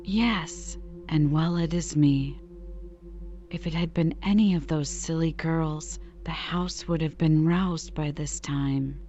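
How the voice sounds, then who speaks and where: A woman reading aloud as a motherly housekeeper, speaking low and hushed. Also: takes it slowly, highs cut off. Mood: scolding. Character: motherly older housekeeper woman, brisk but kind.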